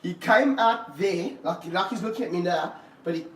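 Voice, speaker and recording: A man keeping snakes, talking through a live stream as he handles one, with excited bursts and low muttered asides. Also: moderate pace. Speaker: snake keeper. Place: room of snake enclosures, indoors. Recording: roomy, from a distance, faint background hum.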